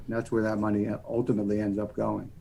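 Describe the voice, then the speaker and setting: A man's voice: on the low side, completely flat delivery, fast, gravelly, warm tone, slight background noise. A man from the United States, a mortgage lender guest on a podcast, explaining loans in a folksy, rambling way. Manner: folksy, rambling explanations full of "you know". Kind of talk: casual podcast interview.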